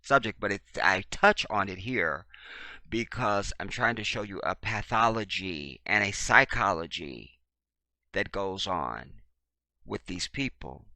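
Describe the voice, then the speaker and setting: A man hosting a commentary monologue, repeating his points emphatically in a preachy way and swinging from loud to very quiet. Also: lowish voice, lively intonation, unhurried, vocal fry, dry recording. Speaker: commentary channel host.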